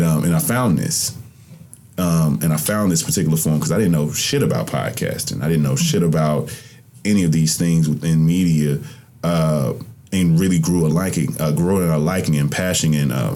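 Man, young adult, podcast host, very deep mellow voice, faint background noise, reflective. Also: normal speed. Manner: reflective, rambling, colloquial. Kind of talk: casual interview conversation. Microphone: podcast microphone.

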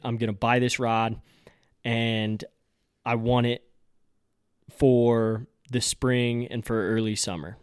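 A fishing guide hosting his podcast, telling a casual story and acting out his own excited and let-down reactions. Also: medium pitch, clean tone, dry recording, clean studio sound. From Colorado.

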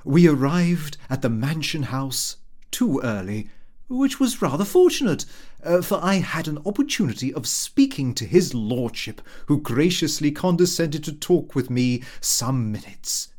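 A man's voice: on the high side, lively intonation, unhurried, darkish tone. A man reading a comic first-person diary aloud as an audiobook narrator, telling it expressively.

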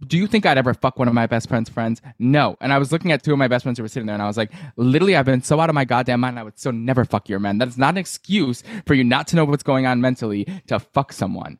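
A man talking over a reality-TV recap in a blunt, profane, gossipy way. His voice sits at a middle pitch and sounds dry, close and unreverberant. He speaks casually, with plenty of fillers. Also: racing, few pauses, no room sound. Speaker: podcast co-host. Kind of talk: casual chat.

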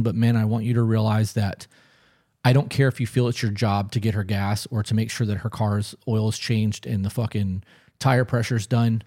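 A man's voice: medium pitch, a little mellow. A man co-hosting a casual podcast conversation, talking in a blunt, emphatic way with frequent swearing. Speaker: podcast co-host.

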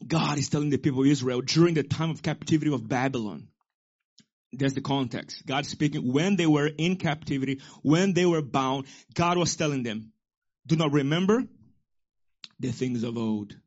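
A pastor in his forties preaching a sermon with emphasis, rising to loud peaks and dropping to quiet asides. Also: medium pitch, moderate pace, muffled recording.

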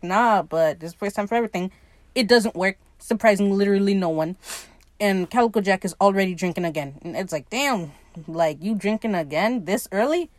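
A woman with a mid-range voice, recorded dry, casually recaps a TV episode for her podcast. She's animated, swears freely, and acts out the characters' lines in quick voices.

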